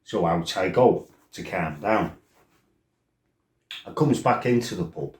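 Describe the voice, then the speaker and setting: A man tells stories in a casual, rambling way, blunt and quick to swear. His voice sits on the low side. The room around him is roomy and echoey. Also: animated, a little mellow. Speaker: storyteller. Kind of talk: casual storytelling.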